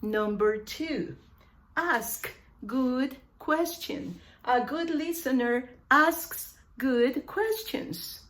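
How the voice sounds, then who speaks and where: Very slow-speaking woman English teacher. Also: high voice, a bit bright. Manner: slow, deliberate, repeats phrases for learners. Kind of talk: online English lesson.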